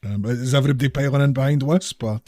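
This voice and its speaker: A man's voice: medium pitch, rapid-fire, a little mellow, no room sound, clean studio sound. A man running a tabletop game as dungeon master, narrating with frequent restarts and repeated words.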